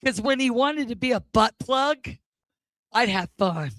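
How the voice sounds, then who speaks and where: Slow, bright-voiced woman comic. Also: on the high side, animated, no echo. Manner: awkward, self-deprecating delivery. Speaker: open mic comedian. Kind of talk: stand-up comedy set.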